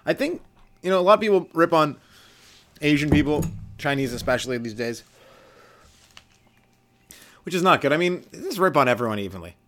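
A young man from Canada hosting a solo comedy podcast, rambling loosely, swearing freely and acting out quick little voices for the people in his stories. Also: fairly high pitch, expressive, a bit bright, a little hiss or hum. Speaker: podcast host, stand-up comedian.

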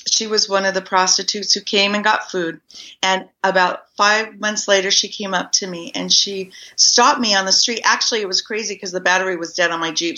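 A woman with a bright, forward voice tells her stories with energy and acts out what people said to her. She speaks as a guest in an interview. The sound is a bit dull and lo-fi. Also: medium pitch. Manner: animated storyteller acting out quoted dialogue. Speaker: guest, community garden minister. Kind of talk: storytelling in a podcast interview.

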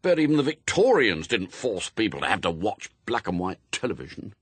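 A man's voice: fairly low pitch, very animated, brisk, slightly rough, no room sound. A man reading aloud, voicing a sulky young boy who grumbles and mutters. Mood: grumbling.

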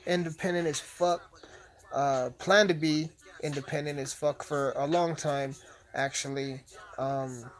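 A man's voice: mid-range voice, steady tone, takes it slowly. A man hosting a podcast, chatting casually with constant swearing and crude jokes while playing a video game. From United States. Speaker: podcast host. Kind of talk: profane casual podcast chat while gaming.

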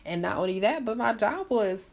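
A young woman co-hosts a casual podcast chat and tells her stories with animated energy, acting out what people said to her. Her voice has a slight gravelly fry and sits at an ordinary middle pitch. The delivery stays loose and conversational. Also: normal speed. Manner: animated storyteller, acts out quotes. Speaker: podcast co-host.

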